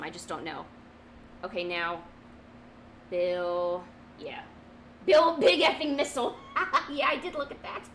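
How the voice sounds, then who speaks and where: Brief: young woman, high bright voice, giggly self-mocking streamer, faint room noise. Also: rough recording. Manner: giggly, self-mocking, talks to her cat. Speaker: streamer drawing from memory. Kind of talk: casual chat while drawing.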